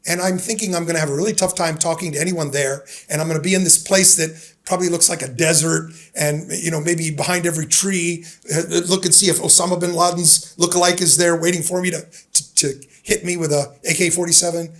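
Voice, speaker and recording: A fairly high-voiced American man in his fifties talks through his memories as a podcast guest. He tells them casually and animatedly, slipping into the voices of the people he quotes. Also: quick pace, few pauses. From United States. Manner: animated storyteller who acts out the people he quotes. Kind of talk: casual storytelling interview.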